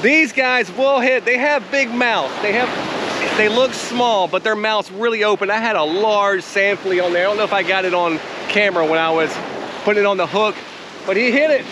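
A man's voice: high-pitched, moderate pace. A man who works as a fishing guide, giving casual vlog commentary on a beach and whooping and hollering as he reels in fish. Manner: excitable, whooping and hollering while reeling in fish. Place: outdoors on an ocean beach. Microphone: chest-mounted action camera. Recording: outdoor action camera with loud surf noise. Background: crashing surf.

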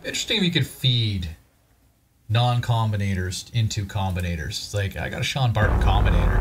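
Low-pitched male gaming host, wry and self-deprecating, talking over loud music. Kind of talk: casual game commentary while opening card packs.

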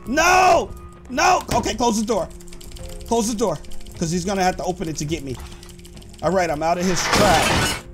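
A man giving excited gameplay commentary to his viewers, full of "like" and "guys" and bursting into sudden shouts. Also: high voice. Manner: animated, says "like" and "guys" a lot, bursts into shouts. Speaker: gaming YouTuber.

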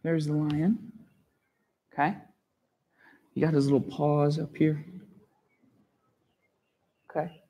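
A man teaching a story lesson to language learners, telling it in an animated way, gasping for effect and often checking that they understand. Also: on the high side, takes it slowly, long pauses, slightly rough. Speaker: English teacher.

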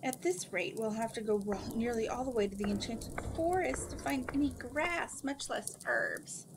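A woman's voice: fairly high pitch, normal speed, noisy background, natural voice. A woman voicing a timid young princess who hesitates and complains. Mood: fretful.

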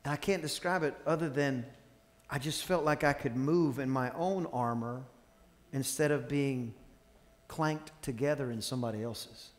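A man's voice: medium pitch, moderate pace. A man, a pastor, preaching a sermon, telling stories with quoted dialogue and calling on the congregation to respond. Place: church sanctuary. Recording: long reverb of a large church hall.

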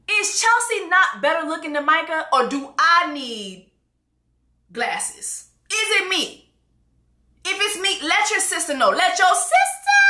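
A woman recapping a reality dating show with brash, profane, animated commentary and mocking impressions. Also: high-pitched, reverberant.

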